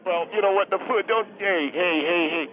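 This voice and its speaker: A man's voice: sits high, normal speed, voice pushed up, close to an everyday voice. A man voicing a brusque, defensive middle-aged male grill owner, heard over a phone line.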